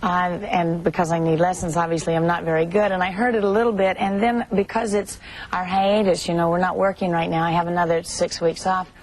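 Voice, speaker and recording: A woman's voice: fairly low pitch, little pitch movement, fairly quick, rough recording. A woman in her thirties from Alabama, an actress chatting as a TV interview guest, telling stories and laughing often. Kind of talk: morning TV interview.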